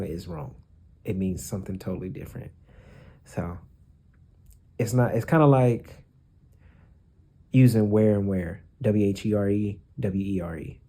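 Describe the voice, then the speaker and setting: Relaxed low-voiced man vlogging. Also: breathy edge. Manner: relaxed, rambling, thinking aloud with fillers. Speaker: flight attendant vlogger. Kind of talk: casual vlog chat.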